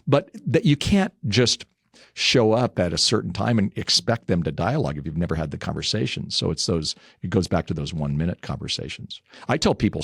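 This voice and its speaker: Low-voiced older man telling family stories. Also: gravelly, slightly rough, no room sound, studio quality. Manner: chatty, anecdotal, laughs while telling stories. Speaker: guest. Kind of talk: casual interview storytelling.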